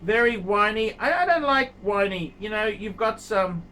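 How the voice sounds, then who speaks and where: A man talks straight to the camera as the host of a watch review channel, blunt and scolding, and he repeats his points over and over. His voice sits high and bright with a hard edge. A faint hiss runs underneath. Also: expressive, normal speed, rough recording. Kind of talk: casual video review monologue.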